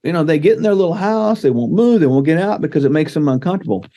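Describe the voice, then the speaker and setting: Male guest expert, warm low timbre, emphatic coaching delivery. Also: expressive, fast. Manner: emphatic, coaching tone with numbered points. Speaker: guest doctor. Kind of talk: casual podcast interview.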